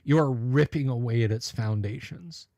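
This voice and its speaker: A man hosting a livestream who chats casually with viewers and goes into opinionated, animated rants with stammered restarts. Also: mid-range voice, moderate pace. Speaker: livestream host. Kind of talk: casual chat reading viewer comments.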